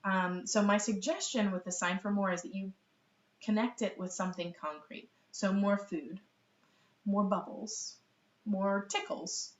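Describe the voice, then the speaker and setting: A woman's voice: medium pitch, a little slow. A middle-aged woman teaching baby sign language in a casual, chatty live lesson, laughing often and full of ums. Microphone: webcam. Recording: roomy, distant, dull webcam audio.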